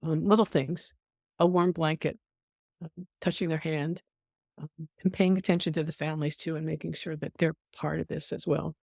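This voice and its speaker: An older woman, a nurse, telling stories in an interview. She is an animated storyteller who acts out the voices she quotes and often says "um". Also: sits low, normal speed, creaky, no echo, clean studio sound. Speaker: nurse guest.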